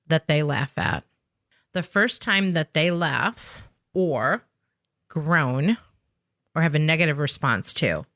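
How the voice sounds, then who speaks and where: This woman's voice sits on the low side with a fairly bright tone, captured in a dry, studio-quality recording. She's a sales trainer with an improv background, explaining things podcast-style with energy and emphasis and often adding a questioning "right?" to her points.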